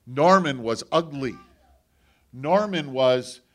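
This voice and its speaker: A man preaching a sermon, moving between loud, impassioned lines and hushed, near-whispered quotes of God speaking. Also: medium pitch, expressive, takes it slowly. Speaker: pastor.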